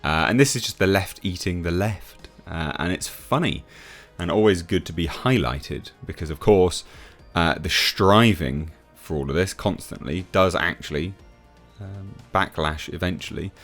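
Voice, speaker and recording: A man with a very low voice runs a scoffing commentary vlog, breaking off often with filler sounds. Soft music plays faintly underneath. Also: measured pace. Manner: mocking, scoffing, frequent uh fillers. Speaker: YouTube commentator.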